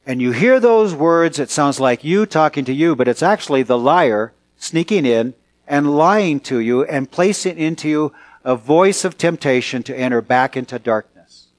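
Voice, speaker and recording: A man preaching a Sunday sermon as a pastor, earnest and emphatic, slowing and speeding up for effect. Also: a little high, lively intonation. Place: church sanctuary.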